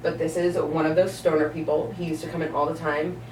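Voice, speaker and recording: A young woman bartender telling stories on a podcast in a lively, exasperated way, laughing along. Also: low voice, a little fast. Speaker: bartender guest. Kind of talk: casual podcast storytelling. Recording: echoey room, distant mic, faint noise.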